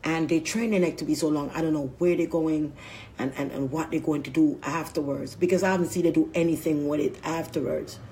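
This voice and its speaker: A woman's voice: low-pitched, steady tone, brisk, warm tone, slight background noise. A woman vlogger talking in a rambling, crude casual monologue, often laughing mid-sentence.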